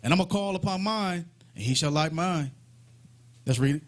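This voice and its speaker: A man's voice: a little high, normal speed. A man leading a live Bible study, retelling scripture in a folksy, humorous way with playful mockery.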